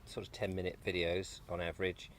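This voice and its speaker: A man, a guest and video maker, rambles and cracks jokes while eating breakfast on an allotment, occasionally talking through a mouthful. He speaks fairly quickly in a low voice with a completely flat delivery, and there's slight background noise.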